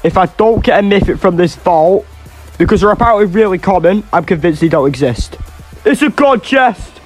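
A man's voice: high-pitched, a little fast, a little mellow, faint music behind. A young man giving swearing, exasperated, jokey commentary over his own gameplay. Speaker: gaming YouTuber.

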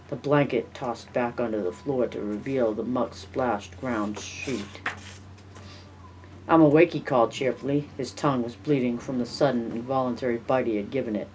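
An audiobook narrator reading a horror novel in a measured way, dropping softer for tense passages. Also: medium pitch, a little hiss or hum. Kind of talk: scripted narration.

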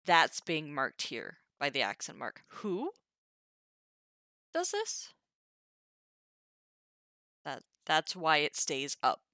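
A woman's voice: low-pitched, a little slow, hardly any pauses, pushed and bright, no echo, clean studio sound. A young woman teaching Ancient Greek on a live stream, thinking aloud with wry asides. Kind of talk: casual live-stream lesson.

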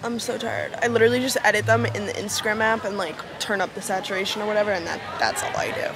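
A woman's voice: medium pitch, steady tone, quick pace, music in the background. A young woman vlogging casually to her phone camera, gushing and upbeat as she talks through her festival trip. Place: festival trip: hotel, pool, outdoors.

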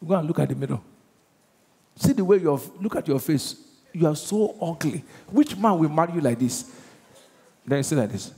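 In a large church auditorium, a Nigerian man preaches as pastor with a mellow, somewhat high voice that is expressive and moderately paced, broken by long pauses. He is emphatic and constantly puts questions to his congregation, and the long reverb of the vast hall fills the recording.

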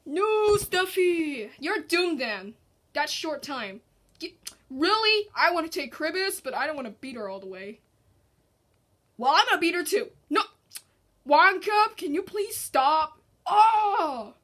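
A woman hosting a gaming video, excitedly reacting to a match and chatting in voices for her stuffed animals. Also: high voice, measured pace. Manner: excitable, squealing and groaning at the game. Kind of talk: playful game commentary with toy voices.

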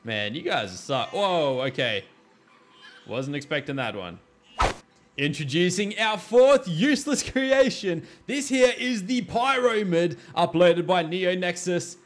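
A man narrates his gameplay in a high voice that leaps all over the place. He talks loudly and exclaims constantly, cheering, groaning and yelling at the game as he plays. It is casual let's-play commentary. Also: animated, measured pace, slight background noise. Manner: loud, exclaiming, often shouting and laughing at the game. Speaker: gaming video creator.

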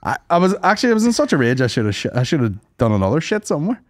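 A young man co-hosting a podcast, talking in loose, sweary banter. His voice sits a little high and swings widely in pitch as he rants and tells stories, often slipping into quick put-on voices. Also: sing-song, dry recording. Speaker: podcast co-host. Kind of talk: casual banter.

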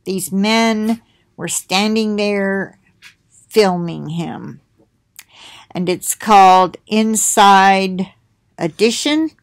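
A middle-aged woman hosts her own video, sharing links and chatting to viewers in a rambling way as she reads titles aloud with asides. Her medium-pitched voice is extremely slow, with long pauses, and there's no room sound.

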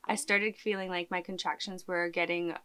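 A woman congested from a cold chats casually, vlogging and voicing commentary as a mother narrating her home birth, with plenty of fillers. Her voice sits on the low side yet sounds fairly bright and smooth, with fairly even intonation at a moderate pace.

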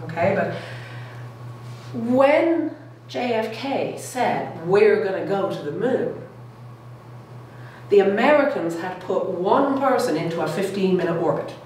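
A lower-voiced woman giving a lively public science talk, keeping the crowd with her through frequent "all right?" check-ins. She is recorded from a distance, with a strong echo in the room. Faint noise hums underneath. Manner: enthusiastic, keeps checking in with "okay?" and "all right?". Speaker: lecturer. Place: lecture room.

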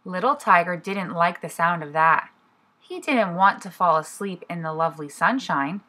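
A woman, a preschool teacher, reading a picture book aloud to young children in an expressive storybook manner. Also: lowish voice, normal speed.

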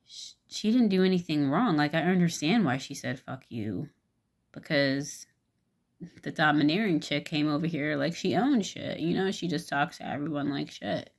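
A woman telling a personal story in a casual vlog, rambling and halting with many fillers, and swearing frankly. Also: low-pitched, husky.

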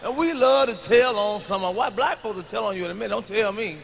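A man doing a live stand-up routine on a large stage into a handheld mic, brash and profane, dropping to mutters and rising to shouted punchlines. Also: high voice, quick pace, gravelly, big-room sound, a little hiss or hum. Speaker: stand-up comedian.

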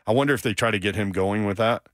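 A man's voice: on the low side, fast, fairly bright tone, dry recording, clean studio sound. A man hosting a sports radio show, talking in an easygoing, conversational way. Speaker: radio host. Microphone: studio mic.

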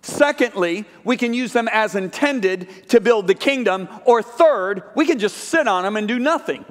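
Male guest preacher, higher register, animated storyteller voicing both sides of the dialogue, live church hall reverb. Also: moderate pace. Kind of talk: sermon storytelling. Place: large church sanctuary.

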